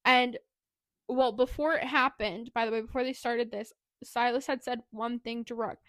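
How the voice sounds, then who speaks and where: A woman's voice: fairly high pitch, steady tone, normal speed, a bit bright, no room sound, clean studio sound. Chatty woman recapping a book. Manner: chatty retelling, leans on "like" and "anyway". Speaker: podcast co-host.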